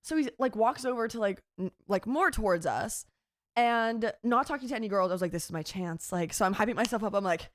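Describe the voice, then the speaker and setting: A young woman in her twenties co-hosting a podcast, telling a story in a playful, animated way and acting out quotes. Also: mid-range voice, fairly quick, no room sound, clean studio sound. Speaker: podcast co-host. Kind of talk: casual storytelling chat.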